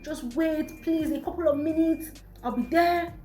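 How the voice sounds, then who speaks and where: A woman's voice: very high-pitched, fairly even intonation, normal speed, warm tone, a little hiss or hum, voice pushed up. A woman voicing a late young man on the phone who keeps making excuses. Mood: pleading. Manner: soothing, repeating himself. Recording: echoey room, faint music.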